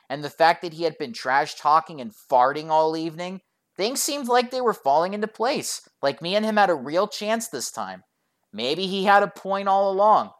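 Woman ranting thru a storytime, lots of swearing, voice jumps all over the place. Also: deep voice. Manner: profane and sarcastic; exasperated. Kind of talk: storytime vlog narration.

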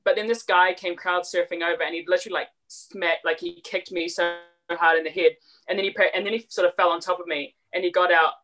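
A young woman with a New Zealand accent, a podcast guest telling stories in casual chat, quick and full of fillers. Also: on the low side, soft background music. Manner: rapid, animated storytelling with many fillers.

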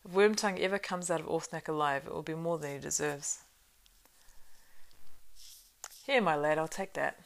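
A woman reading the part of a stern, commanding old male wizard in an audiobook, grave and measured, with a low, gravelly voice. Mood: calm.

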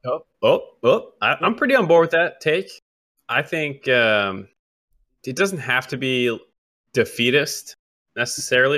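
Young male co-host, bright tone, thoughtful and explanatory. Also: mid-range voice. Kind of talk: casual esports discussion.

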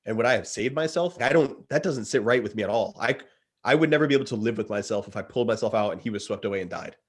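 Here the same kind of guest, a man in his thirties, has a lowish, husky voice and a fast delivery. He's eagerly recounting a story in relaxed conversation, sprinkling in "dude" frequently.

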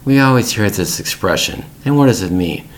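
A man's voice: on the low side, lively intonation, a little fast. A middle-aged man hosting an English-learning podcast, telling a family story in plain, repetitive words for learners.

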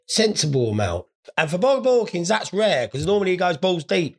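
A man's voice: sits high, very animated, fast talker, gravelly, hardly any pauses. A stoned man hosting a podcast, telling crude, sweary, rambling stories in a casual monologue. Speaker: podcast host.

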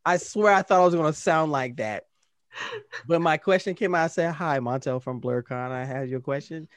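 A man co-hosting a casual podcast, recounting his encounters with a storyteller's energy. His voice sits a little high and sounds dry and close to the mic, and he throws himself into each quoted exchange. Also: moderate pace, no echo. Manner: animated, acts out quoted exchanges. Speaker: podcast co-host.

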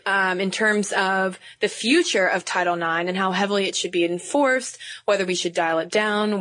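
A woman co-hosting a podcast in casual chat, animated and jokey, with quick asides. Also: medium pitch, no echo. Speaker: podcast co-host.

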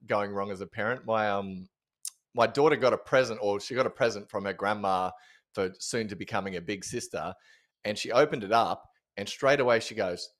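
A man co-hosting a podcast, chatty and joking, laughing often as he tells stories. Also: fairly low pitch. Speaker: podcast co-host. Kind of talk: casual podcast chat.

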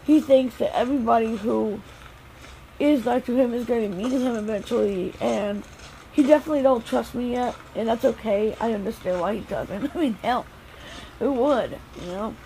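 High-voiced chatty mom vlogging outdoors. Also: female voice, normal speed, mellow, slight background noise, low-quality recording. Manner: chatty, soothing and reassuring. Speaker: mother. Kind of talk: casual vlog. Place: outdoors on a path.

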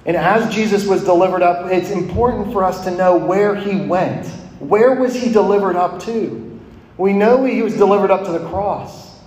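A man's voice: high-pitched, moderate pace, darkish tone. A man in his thirties preaching a sermon to college students, earnest and questioning, his voice rising and falling. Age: 30s. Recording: echoey hall with long reverb.

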